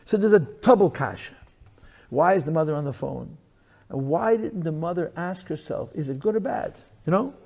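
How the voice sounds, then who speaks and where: A man speaking as a rabbi, lecturing to listeners in a room, emphatic and repetitive, swinging between loud bursts and hushed lines. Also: on the high side, expressive, moderate pace, vocal fry. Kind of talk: lecture to a live audience.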